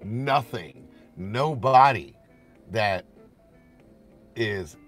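A man, telling rough street stories in a profane, animated way, laughing often. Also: lowish voice, extremely slow, soft background music. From Detroit, Michigan. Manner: profane, animated storyteller who laughs often and acts out shouts. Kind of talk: casual storytelling chat.

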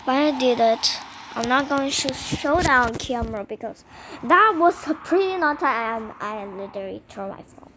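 A woman giving casual commentary while playing a game, excitable and self-mocking, with frustrated outbursts. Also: on the high side, normal speed, noisy background. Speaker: gaming channel host.

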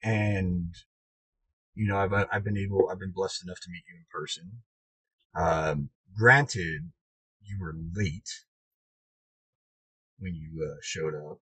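A man hosting a podcast in casual chat, an animated storyteller who laughs a lot and swears freely, recorded inside a truck. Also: deep voice, slow pace, pauses often, husky, dry recording, poor audio. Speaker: podcast host.

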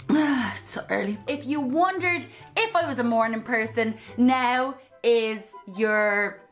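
An Irish woman chats away on her vlog in a high voice and an unhurried pace. She giggles often and keeps tripping over her words and correcting herself. Faint music plays underneath. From Ireland. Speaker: YouTube vlogger. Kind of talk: casual chatty vlog.

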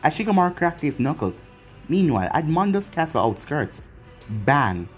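A man's voice: on the high side, big pitch swings, a little fast, faint music behind. A man narrating a fan-written story in a plain, running style. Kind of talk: fan fiction story reading.

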